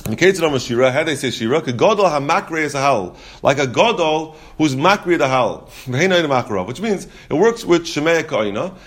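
A man's voice: on the high side, sing-song, normal speed, hardly any pauses. A man teaching a Talmud lesson, explaining the text step by step. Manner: explains step by step, mixing Yeshivish terms into English.

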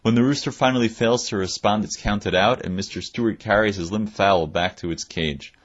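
Husky low-voiced man reading and explaining. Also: brisk, muffled recording. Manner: reads passages then explains them in a plain conversational aside. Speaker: Torah teacher. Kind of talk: reading aloud and explaining a text.

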